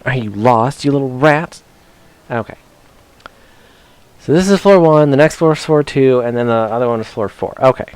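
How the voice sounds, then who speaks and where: A man's voice: medium pitch, darkish tone, clear, resonant tone, dry recording. A man casually commenting as he plays a video game, chatty and self-mocking, often talking to the characters on screen. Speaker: streamer. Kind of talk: casual let's-play commentary.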